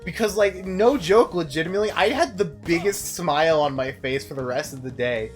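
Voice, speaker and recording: A man's voice: a little high, a little fast, faint music behind. Rambling young streamer guy. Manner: rambling, profane, laughs often. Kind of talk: casual gameplay commentary.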